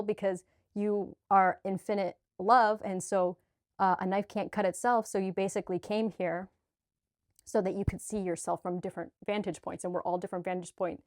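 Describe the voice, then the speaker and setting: A spiritual vlogger speaks directly to her viewers in a heartfelt video, earnest and gushing, sweaty and a bit choked up, with restarts and filler. Her voice is medium-pitched with a darkish tone. The recording is dry and studio quality.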